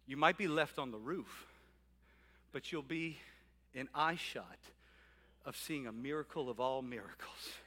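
A man preaching a sermon as pastor of his church, animated and moving between loud calls and quiet asides. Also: mid-range voice, a little slow, pauses often. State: out of breath at times. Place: church sanctuary.

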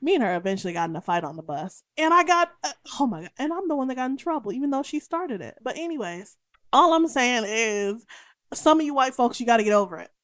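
A young woman recapping a horror movie in a casual, profane, animated way, swearing freely and going off on tangents. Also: a little high, quick pace, dry recording.

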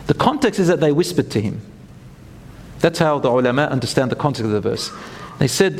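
Male preacher, animated storyteller, chants verses, reverberant hall recording. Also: mid-range voice, fast talker, creaky, slight background noise. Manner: animated, acts out quotes, chants Quran verses. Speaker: Islamic preacher. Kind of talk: storytelling sermon.

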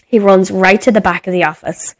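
Swearing, animated young woman podcaster. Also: medium pitch, a little fast, dry recording. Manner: animated, swears freely, acts out quotes. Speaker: podcast co-host. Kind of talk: casual storytelling chat.

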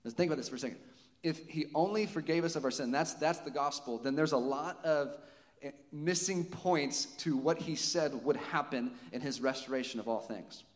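A man's voice: on the high side, normal speed, long reverb tail. A man preaching a sermon to his congregation, conversational, with frequent rhetorical questions. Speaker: pastor.

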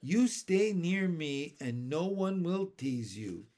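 A man voicing a calm, absent-minded woman teacher in a mild way. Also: fairly high pitch, slow.

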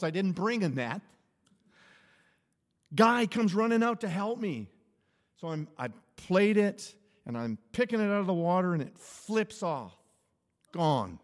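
A man, a pastor, telling a humorous personal story in an animated sermon. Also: high voice. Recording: echoey hall.

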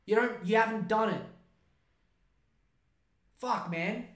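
A man's voice: sits high, slow. A podcast host man ranting comedically, swearing constantly in a mocking tone. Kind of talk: profane comedic rant. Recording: roomy echo.

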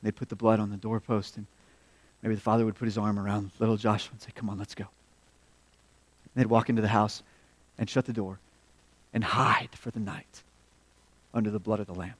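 A man preaching a sermon, working through a scripture passage, raising his voice to act out quotes and dropping low for key points. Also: little pitch movement, normal speed, pauses often, slightly rough. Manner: expository preaching, acts out quotes with rising pitch and volume; drops to hushed tones on key points.

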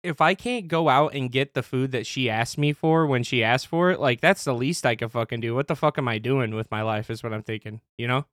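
A man hosting a podcast and telling a story in casual chat, animated and swearing often. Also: medium pitch, a little fast, few pauses, no echo, studio quality. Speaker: podcast host. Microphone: podcast mic.

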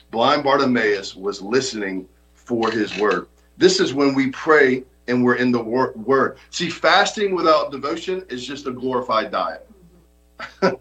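Male pastor preaching, earnest, repeats himself for emphasis, average pitch. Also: a bit bright, highs cut off. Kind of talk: sermon.

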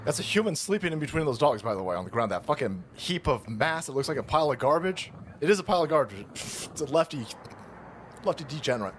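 Quick-paced and very animated, this California commentator has a slightly high, somewhat bright voice, with a faint hiss or hum present. On his livestream he rants profanely about politics, cursing often while laughing and mocking.

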